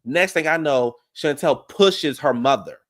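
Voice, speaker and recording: A reality TV commentator casually recaps the show's drama at a measured pace, animated and profane as he tells it. When quoting the women, his voice jumps up high.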